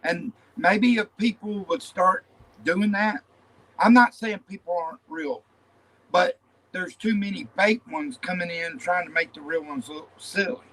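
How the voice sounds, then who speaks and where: A man's voice: sits high, measured pace, pushed and bright, rough recording. A man hosting a casual panel chat about his beliefs, blunt and rambling, repeating himself as he talks. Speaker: channel host.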